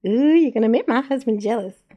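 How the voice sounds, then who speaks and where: A woman voicing a chatty, gossipy female possum who is loud and flirty. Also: a little high, lively intonation, fairly quick, muffled recording, voice pushed up.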